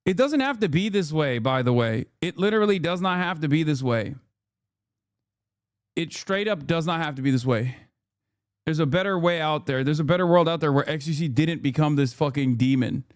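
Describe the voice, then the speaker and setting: A man's voice: fairly high pitch, expressive, moderate pace, dry recording, clean studio sound. A man hosting a live stream, giving heated, mocking political commentary with lots of cursing and filler words. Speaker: streamer host reacting to clips. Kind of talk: profane political reaction commentary.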